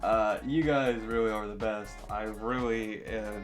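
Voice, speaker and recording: A man's voice: on the low side, fairly even intonation, a little slow, soft background music. Rambling young man answering viewer questions. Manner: rambling, filler-heavy, self-deprecating. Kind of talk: casual Q&A vlog.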